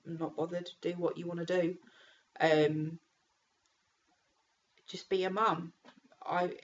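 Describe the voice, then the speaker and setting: Brief: tearful British mum, low flat gravelly voice, blunt and sweary, dull lo-fi home recording with faint room noise. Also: female voice. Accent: British English. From United Kingdom. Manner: frank, sweary, rambling with fillers. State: tearful, emotionally raw. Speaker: vlogger and mum. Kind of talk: candid casual vlog.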